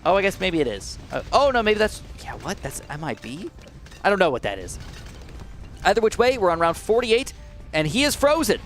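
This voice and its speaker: A man hosting live gameplay commentary, excitable and talking straight to his viewers, swinging from low muttering to shrieks of alarm. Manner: addresses viewers directly. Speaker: gaming channel host.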